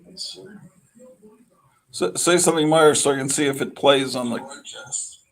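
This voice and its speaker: Talking into his computer microphone, a man hosts his own live stream in a loose, meandering ramble full of wry, self-deprecating asides. His voice is fairly high with vocal fry, at a normal speed.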